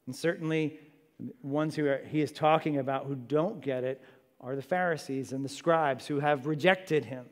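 A man's voice: on the high side, normal speed. A man preaching a sermon in an earnest, conversational way, with casual asides to the congregation. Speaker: pastor. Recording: reverberant hall.

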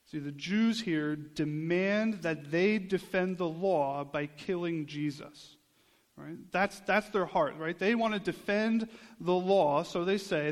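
A man preaching a sermon in an earnest, conversational way, often checking in with his listeners. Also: sits high. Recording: long hall reverb.

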